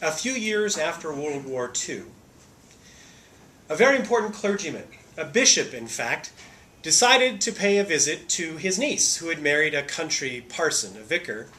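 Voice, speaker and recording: A man tells a funny story with a theatrical, playful delivery. His voice sits a little high and bright, and it swings widely in pitch. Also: sing-song, moderate pace. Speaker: stage actor. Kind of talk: humorous storytelling talk.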